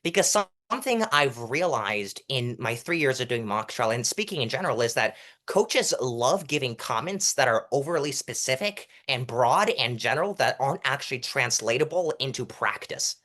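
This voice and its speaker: A young man with a stuffy nose explaining public speaking technique as an interview guest, demonstrating changes in loudness and pitch as he goes. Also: sing-song. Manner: self-admitted fast talker. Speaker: interview guest, mock trial coach.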